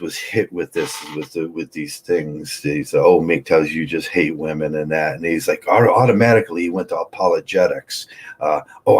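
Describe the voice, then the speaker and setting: A man in his sixties talking in a rambling, argumentative, unscripted monologue, halting often. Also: low-pitched, slightly rough. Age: 60s. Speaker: vlogger.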